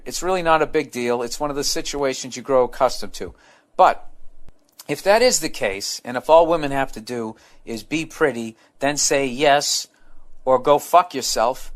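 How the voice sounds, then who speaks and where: A man's voice: on the high side, fairly bright tone. A man hosting a comedy podcast, reading a listener letter aloud and ranting about it in a profane, blunt way with stumbling asides.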